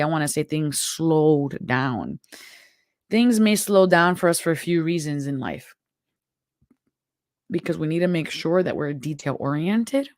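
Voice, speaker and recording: Gravelly-voiced tarot reader with a worn-out throat. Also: mid-range voice, darkish tone, dry recording, clean studio sound. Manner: chatty, encouraging, spiritual advice. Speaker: tarot reader and show host. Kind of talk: live-streamed tarot reading talk.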